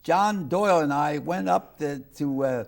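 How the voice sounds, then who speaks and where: A man's voice: fairly high pitch, measured pace, gravelly. A man hosting a talk show, chatting in a folksy way and cutting in with jokes. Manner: folksy, joking interjections. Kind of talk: casual talk-show chat.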